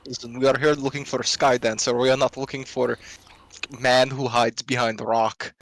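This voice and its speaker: A man's voice: mid-range voice, little pitch movement, normal speed, fairly bright tone, slight background noise. Plain-voiced man playing a tabletop game. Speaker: player. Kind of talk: tabletop role-play.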